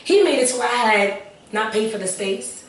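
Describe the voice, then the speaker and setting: Slightly high-pitched and animated, this interview guest speaks at a normal pace while sincerely recounting her testimony, with repeated phrases and little prayers woven in. The audio picks her up from afar, a bit off-mic, amid room echo and faint background noise.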